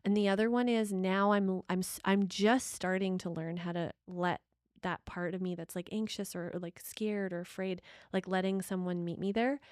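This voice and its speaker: A middle-aged woman co-hosting a relationship talk, emphatic and lively, with laughs breaking in as she makes her points. Her voice sits at an ordinary pitch for a woman and is recorded close and dry, with no room sound. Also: moderate pace, clear, resonant tone, dry recording. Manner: animated, emphatic, laughs often. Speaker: podcast co-host.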